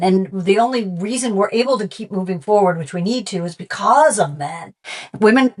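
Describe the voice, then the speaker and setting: A woman's voice: mid-range voice, normal speed. A middle-aged woman, a sports reporter, telling stories as a guest in a casual conversation. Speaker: NFL sideline reporter, guest.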